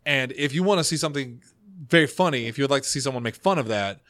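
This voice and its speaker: A man of middling pitch hosting a casual podcast, telling stories from his notes in a chatty way. His voice is dry and close, with no room sound around it. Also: animated, fairly bright tone, no echo. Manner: chatty storyteller, reads notes, quick asides. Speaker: podcast host.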